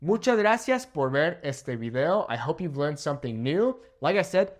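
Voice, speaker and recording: A fairly high-voiced man runs a casual language lesson. He says each example phrase slowly and carefully, then checks in with a quick "okay?". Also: big pitch swings. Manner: slow, careful when saying example phrases. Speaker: Spanish teacher.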